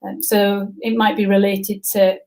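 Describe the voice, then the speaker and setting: A woman's voice: medium pitch, little pitch movement, unhurried, darkish tone, low-quality recording. A middle-aged woman, a coach and career consultant speaking as a guest in an interview, thoughtful and often restarting her sentences. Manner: thoughtful, many restarts and fillers. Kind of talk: conversational expert interview.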